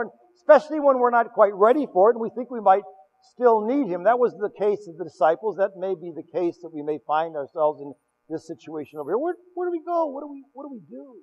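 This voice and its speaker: Older priest preaching in a big echoey church, high voice, dull lo-fi sound, lots of restarts. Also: male voice. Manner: animated storytelling with many restarts. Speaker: pastor. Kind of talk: sermon. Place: large church.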